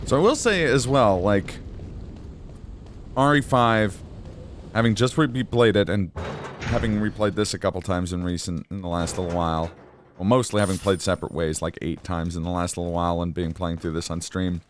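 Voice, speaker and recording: A man's voice: low-pitched, moderate pace, slight background noise. A man casually commenting as he streams a game, chatty, rambling and self-deprecating.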